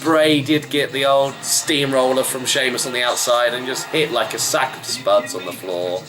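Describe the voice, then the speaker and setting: A man's voice: medium pitch, steady tone, moderate pace, over music, low-quality recording. A man giving a chatty, wry running review of a wrestling show, rambling with fillers. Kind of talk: casual vlog review.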